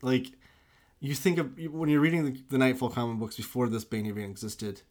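A man's voice: medium pitch, steady tone, a little fast, darkish tone. A man in casual film chat, rambling and enthusiastic, full of "like" and restarts.

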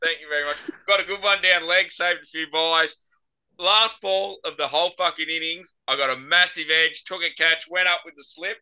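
A man's voice: on the high side, fairly even intonation, normal speed, bright, forceful tone, smooth, poor audio. A young Australian man on a podcast, telling a rambling story full of swearing. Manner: swears freely, rambling anecdotal delivery. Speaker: podcast host. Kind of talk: casual storytelling chat.

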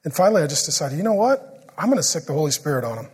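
A middle-aged man preaching a sermon, joking through family stories and turning quiet and earnest when he prays. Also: a little high, big pitch swings, rapid-fire, breathy edge. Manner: joking storyteller who turns quiet and earnest in prayer. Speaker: pastor. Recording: long hall reverb.

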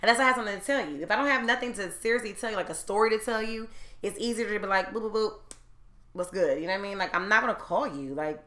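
Racing along at a medium pitch, a loud, foul-mouthed woman in her thirties tells a story during a casual group chat. Her bright, forceful voice fills an echoey room, and she grows animated, rising to shouts as she gets worked up.

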